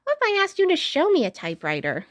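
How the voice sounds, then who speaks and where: Woman doing a calm, patient teacher dog. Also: very high voice, fast, no room sound, studio quality, pitched above the performer's own voice, exaggerated voice. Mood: gentle.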